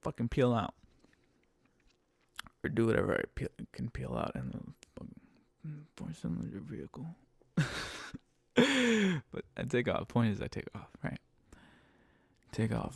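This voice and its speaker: Man, gravelly dark voice, dry close sound, profane exasperated rideshare storyteller. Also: medium pitch, measured pace, pauses often, no echo. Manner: heavy swearing, emphatic and exasperated. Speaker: rideshare driver telling stories. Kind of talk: casual storytelling monologue.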